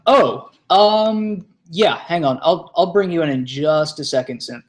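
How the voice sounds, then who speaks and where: A man's voice: on the high side, measured pace. Rambling, swearing young male streamer. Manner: rambling, swearing, laughing often. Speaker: stream host. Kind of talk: casual live-stream chat.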